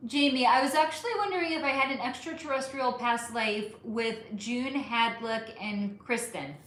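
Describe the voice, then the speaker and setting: A middle-aged woman with a slightly high, somewhat bright voice hosts a casual livestream, her speech reverberating. She reads viewer comments aloud in a chatty, loving way, calling people honey and swearing freely.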